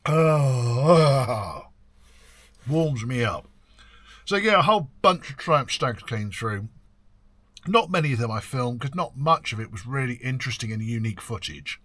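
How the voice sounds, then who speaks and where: An older Englishman with a husky voice chats casually to camera. He rambles between topics with ums and mild swearing, and his voice rises and falls a lot. The sound is dry and close. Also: medium pitch, expressive, moderate pace, bright, forceful tone, no echo. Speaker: classic car workshop owner and video host. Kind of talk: casual year-end chat to camera.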